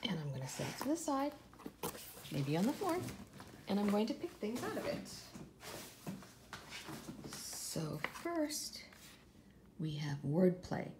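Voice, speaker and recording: A woman from California chatting through a casual unboxing at home, gushing over each item and often dropping into a soft whisper. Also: on the low side, slight background noise. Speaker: vlogger.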